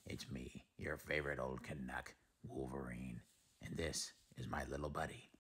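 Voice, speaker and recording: A man putting on the voice of a gruff, blunt male mutant brawler, talking curtly in tough-guy slang. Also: extremely low pitch, flat delivery, normal speed, a bit bright, voice pushed down, exaggerated voice.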